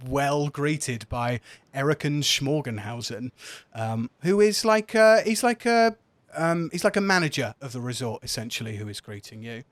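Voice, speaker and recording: A man's voice: mid-range voice, expressive, moderate pace, no room sound. A man narrating scenery as game master of a tabletop game, laid-back and chatty.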